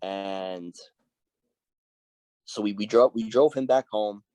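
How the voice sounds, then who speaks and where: A man's voice: lowish voice, takes it slowly, a little mellow, no room sound. A man, a biker club's sergeant at arms, telling stories as a podcast guest. He swears freely and acts out the dialogue. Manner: profane, vivid storyteller who acts out quoted dialogue. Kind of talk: storytelling in a casual interview.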